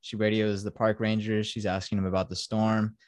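A man's voice: fairly low pitch, flat delivery, fairly quick, darkish tone, no room sound, studio quality. A man hosting a podcast who casually recaps a film in a rambling, profane way full of fillers. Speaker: podcast host.

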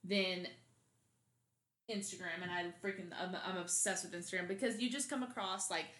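A woman's voice: on the low side, steady tone, normal speed, a bit bright. A woman co-hosting a podcast in casual, gushing chat, recorded at home. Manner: chatty, gushing. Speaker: podcast co-host. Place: home room, people outside. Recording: roomy echo.

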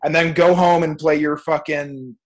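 A man's voice: fairly high pitch, flat delivery, normal speed. A young man, a music producer, ranting emphatically and swearing freely as a guest on a podcast. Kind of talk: casual podcast chat.

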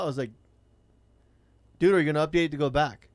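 A fast, blunt man spins a profane story from his driving days, his voice sitting a little high for a man. The sound is dry and close, with no room around it. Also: darkish tone, no room sound. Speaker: rideshare driver telling a story. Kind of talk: casual storytelling chat.

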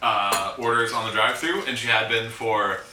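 A young man rambling through a story in a casual chat, with many pauses and fillers. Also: fairly low pitch, fairly even intonation, recorded from a distance, background noise. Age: young adult. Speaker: podcast guest. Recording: echoey room, off mic.

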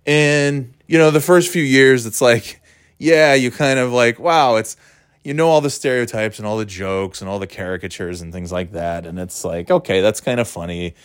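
A man's voice: mid-range voice, moderate pace, clear, resonant tone, no room sound, studio quality. A man from the US East Coast talking casually to camera, rambling and sardonic, with many restarts and fillers. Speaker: vlogger.

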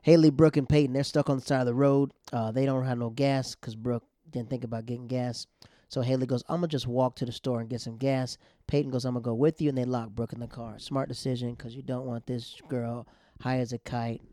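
A young man hosting a recap show, telling the story of an episode in a casual, slangy and animated way. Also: medium pitch. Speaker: podcast host recapping a TV episode.

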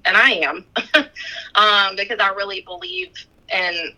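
A woman's voice: mid-range voice, very animated, measured pace, sharp tone, rough recording. A woman in her thirties, a fitness coach, talking in a heartfelt, gushing way on a podcast, full of "like" and laughter. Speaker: fitness coach and gym owner. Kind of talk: emotional podcast conversation.

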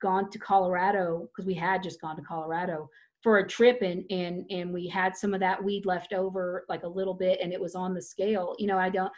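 A woman's voice: fairly low pitch, level tone, fairly quick, darkish tone, lo-fi sound. A woman talking in a loose, rambling way, often restarting her sentences as she tells a personal story in casual chat.

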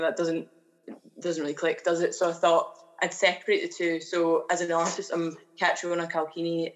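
Low-voiced woman chatting. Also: slight background noise, rough recording. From Glasgow, Scotland. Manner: chatty, lots of fillers and restarts. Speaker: guest artist. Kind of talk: casual podcast interview.

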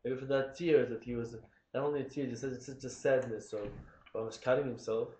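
A man taking part in a casual Torah study discussion, speaking haltingly and searching for words. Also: medium pitch, fairly even intonation, warm tone. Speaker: study partner. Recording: echoey room with faint noise.

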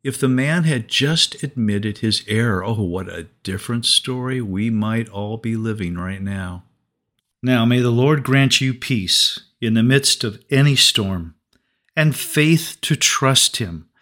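A man's voice: medium pitch, a little slow, a bit bright. A man preaching a sermon for a podcast, telling a story with expression.

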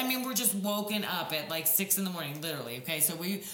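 A woman in her forties co-hosts a casual podcast, telling animated stories and swearing freely. Her voice sits low but has a bright, forceful edge. The room is echoey. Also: quick pace. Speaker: podcast co-host. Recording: roomy echo with faint music.

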